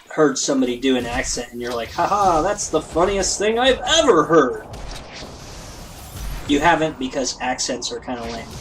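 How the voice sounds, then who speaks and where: Male let's play host, casual rambling commentary, self-deprecating, average pitch. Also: a little hiss or hum, rough recording.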